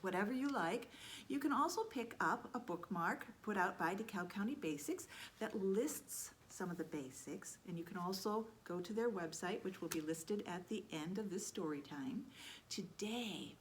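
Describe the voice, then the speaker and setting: A woman librarian leading a children's story time, reading aloud in an animated way with a Midwestern American accent and asking the children questions. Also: fairly low pitch, slight background noise.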